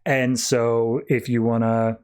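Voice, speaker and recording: A man voicing a calm, persuasive older male butler in a measured manner. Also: mid-range voice, clean tone, natural voice.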